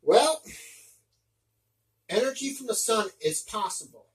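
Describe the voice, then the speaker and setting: A man's voice: fairly high pitch, measured pace, distant mic, rough recording. A man giving casual step-by-step practical tips, often restarting his sentences as he explains. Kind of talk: casual instructional talk.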